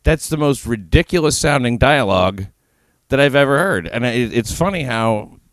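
A man hosting a podcast in casual chat, delivering commentary in a dry, sardonic deadpan. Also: mid-range voice, normal speed, no room sound. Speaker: podcast host.

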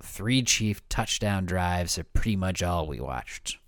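Laid back guy recapping games, smooth clear voice, dry mic. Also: sits low, expressive, takes it slowly, fairly bright tone, dry recording. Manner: easygoing, steers the talk to the next game. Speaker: podcast co-host. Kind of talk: casual sports chat.

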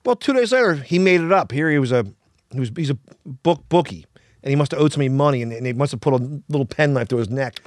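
A man's voice: medium pitch, animated, no room sound, clean studio sound. A man telling rambling stories on a casual podcast, full of restarts. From Philadelphia, US. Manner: rambling, halting restarts, laughing easily. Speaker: plumber guest.

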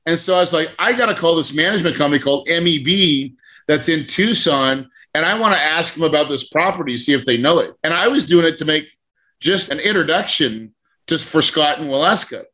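A man coaching a class on real estate deals, telling a story with lively acted-out quotes. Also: a little high, a little fast. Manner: animated storyteller, acts out quotes.

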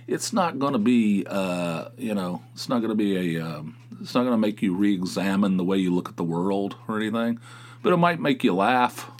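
A man's voice: fairly low pitch, expressive, moderate pace, slight background noise. A middle-aged man hosting his podcast from his home office, chatting casually in a rambling, self-mocking way and swearing freely. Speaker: podcast host. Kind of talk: casual solo chat.

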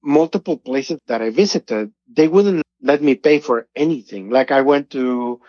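A man's voice: mid-range voice, normal speed, a little mellow, no room sound. Earnest man, lo-fi. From Mexico. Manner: earnest, emotional storytelling. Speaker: guest. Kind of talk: personal testimony in interview. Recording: dull lo-fi audio.

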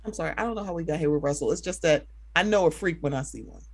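A woman's voice: deep voice, racing, darkish tone. A woman hosting a casual podcast, playful and laughing, swearing freely and slipping into silly voices. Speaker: podcast host.

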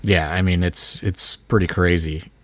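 A man's voice: low voice, fairly even intonation, measured pace, no room sound. A man co-hosting a casual podcast, rambling and leaning on filler phrases like "you know" and "like". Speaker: wrestling promoter and podcast co-host.

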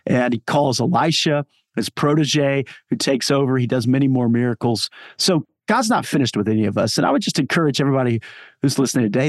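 A man's voice: mid-range voice, expressive, fairly quick, no echo, clean studio sound. A man speaking as a pastor guest on a podcast interview, talking in an earnest, encouraging, sermon-like way with frequent fillers.

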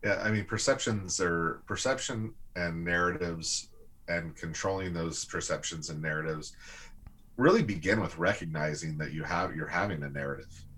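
A man in casual conversation, reflective and explanatory, with a husky voice. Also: deep voice, moderate pace, a bit bright. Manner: reflective, explanatory, some restarts.

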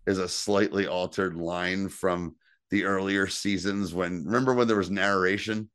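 A man's voice: low-pitched, steady tone, normal speed, a bit bright, smooth, no room sound, studio quality. A man co-hosting a podcast, recapping a TV episode in casual, rambling chat and acting out characters' lines. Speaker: podcast co-host.

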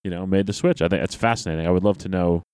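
A man's voice: low voice, racing, darkish tone, smooth, no echo, clean studio sound. A man co-hosting a podcast in casual chat, rambling and restarting his phrases with emphatic stresses. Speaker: wrestling podcast co-host.

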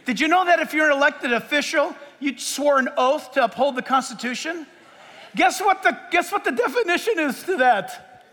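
A man delivers a sermon in a very high, bright voice that rings out. He reads scripture and breaks in with pointed, emphatic asides, and a long hall echo follows him. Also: lively intonation, moderate pace. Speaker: pastor. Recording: echoey hall recording.

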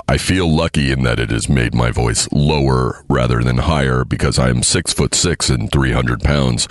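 A man voicing a huge, laid-back man with a very deep voice, speaking slowly in a low, mock-solemn way. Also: no room sound, clean studio sound. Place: parked car.

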